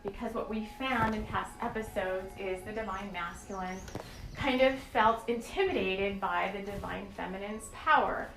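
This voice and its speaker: A woman's voice: mid-range voice, normal speed, vocal fry. A woman hosting a spiritual podcast, talking in an earnest, rambling and emotional way with many fillers. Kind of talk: channeled spiritual podcast talk. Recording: echoey room with soft music.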